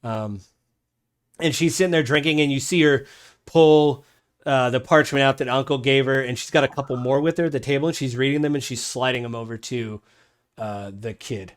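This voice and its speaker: A man's voice: medium pitch, a little fast, clear, resonant tone. A man narrating as game master of a tabletop game online, rambling with many ums and restarts.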